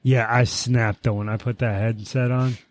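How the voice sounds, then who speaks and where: A man's voice: mid-range voice, normal speed, dry recording. A man casually chatting on a podcast, telling a story with lots of swearing and heated outbursts. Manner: profane, animated storytelling with heated quoted outbursts. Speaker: podcast co-host.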